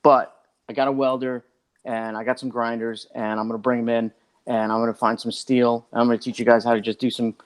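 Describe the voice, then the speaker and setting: A man who is a podcast guest, telling a long story in a rambling, animated way and acting out what other people said. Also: medium pitch, fairly quick. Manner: rambling and animated, acts out others' lines, many "like" fillers. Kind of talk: casual storytelling.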